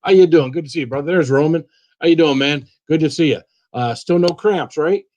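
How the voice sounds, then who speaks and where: Live stream host, male, slightly higher voice, easygoing chat, greets everyone by name. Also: a little fast, lo-fi sound, a little hiss or hum. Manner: greets viewers by name, repeats himself, relaxed and chatty.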